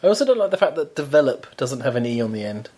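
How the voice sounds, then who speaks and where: A man's voice: mid-range voice, sing-song, fast talker, a little mellow, breathy edge. A British man co-hosting a podcast, chatting casually. He is playful and teasing, and he complains in mock outrage about words he dislikes. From Britain. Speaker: podcast co-host. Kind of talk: casual chat.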